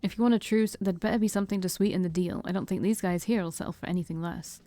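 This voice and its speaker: Woman playing a vampire gang boss for a game read: booming, blunt, profane, warm low tone. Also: steady tone, fast talker, natural voice. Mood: demanding. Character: gruff male vampire gang boss, commanding.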